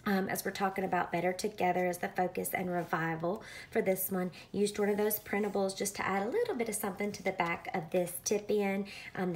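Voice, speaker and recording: A woman's voice: medium pitch, darkish tone. Chatty Southern woman showing her journal. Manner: chatty, many ums, friendly explaining. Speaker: craft vlogger. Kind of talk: casual show-and-tell walkthrough.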